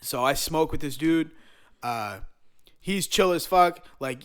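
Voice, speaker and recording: A man's voice: fairly high pitch, slow, smooth. Profane, rambling storytelling man. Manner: rambling, profane, animated storyteller full of slang. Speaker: podcast guest telling a road-trip story. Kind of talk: casual storytelling chat.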